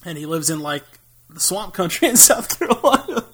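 A young American man talks movies on a casual podcast, rambling through jokey asides. His voice sits a little high, and he laughs often as he goes. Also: big pitch swings, brisk, fairly bright tone, breathy edge. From United States. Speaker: podcast co-host.

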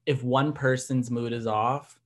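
A man's voice: medium pitch, fairly even intonation, unhurried. A man co-hosting a podcast, chatting casually as he recaps a TV episode, with lots of "like" fillers. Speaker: podcast co-host.

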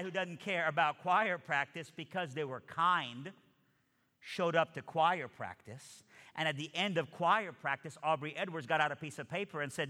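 A man's voice: fairly high pitch, sharp tone. A man giving a storytelling testimony, acting out the dialogue as he goes. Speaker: speaker giving his testimony. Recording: long hall reverb.

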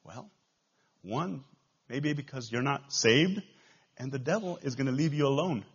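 A man with a Texan accent preaching a sermon as pastor, swinging between loud rises and quiet drops. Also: mid-range voice, expressive, unhurried, slightly rough, muffled recording. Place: church.

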